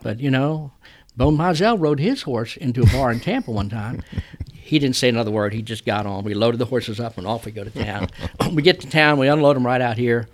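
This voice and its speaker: An older man, a trial lawyer telling folksy stories in an interview. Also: medium pitch. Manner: folksy, drawling storyteller. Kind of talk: interview storytelling.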